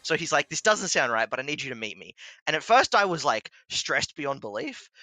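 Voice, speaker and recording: Bright-voiced man telling a story. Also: a little high, a little fast, no echo. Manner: animated, laughs and swears while telling a story. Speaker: stream commentator. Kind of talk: casual storytelling chat.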